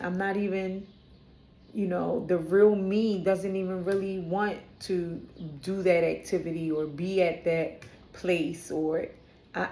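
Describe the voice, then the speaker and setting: A woman's voice: medium pitch, darkish tone. Candid Brooklyn woman talking in an echoey room. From Brooklyn, New York. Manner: candid and chatty, with frequent "right?" and laughter. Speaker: spiritual vlogger. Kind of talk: casual spoken reflection.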